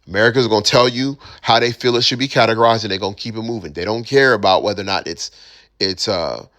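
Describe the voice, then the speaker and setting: Casual slangy man, low voice. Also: quick pace, a bit bright. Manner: conversational, slangy, with many restarts and asides. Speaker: commentator. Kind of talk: casual opinion monologue.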